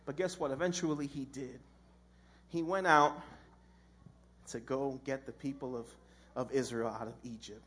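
A man's voice: mid-range voice, fairly even intonation, normal speed, long pauses, fairly bright tone, husky. A man giving a casual, humorous sermon as a preacher, telling a story with slang and acted-out voices.

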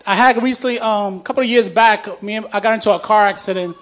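A man with a strikingly high voice delivers a testimony sermon. He talks in a loose, conversational way, full of fillers and false starts, and stays heartfelt throughout. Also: fast. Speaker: preacher.

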